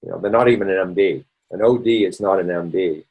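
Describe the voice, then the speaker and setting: A man's voice: low voice, fast, slightly rough, phone-quality sound. Rambling man lecturing on health. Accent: Boston. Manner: conversational, rambling explainer with restarts. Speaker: doctor presenting a health session. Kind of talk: online presentation lecture.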